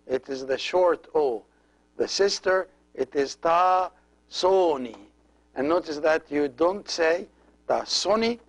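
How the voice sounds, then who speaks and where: A middle-aged man, a priest, teaching a language lesson slowly and carefully, repeating each word for practice. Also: fairly high pitch, poor audio.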